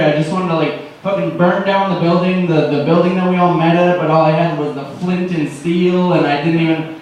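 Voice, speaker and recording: A young man doing open mic stand-up in a rambling, deadpan way, his voice pitched a little high. He sounds very echoey, caught by a mic far across the room. A faint hum sits underneath. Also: brisk. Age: late teens to early 20s. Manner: rambling, deadpan, many fillers. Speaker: stand-up comedian.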